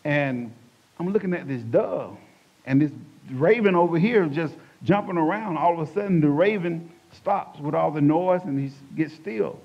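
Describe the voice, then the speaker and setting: A man preaching a testimony as a lively storyteller who acts out the voices in his tale. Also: on the high side, moderate pace, dull audio. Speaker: church speaker giving testimony.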